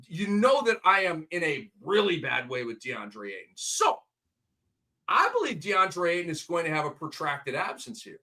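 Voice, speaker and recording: Bright, energetic ranting male host. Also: a little high, normal speed. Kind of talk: late-night fantasy basketball talk show.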